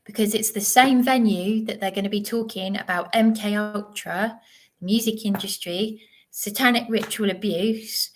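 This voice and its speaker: A woman's voice: mid-range voice, steady tone, moderate pace. A woman, hosting an unscripted livestream monologue, rambling and digressive with many restarts. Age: 30s. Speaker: livestream host.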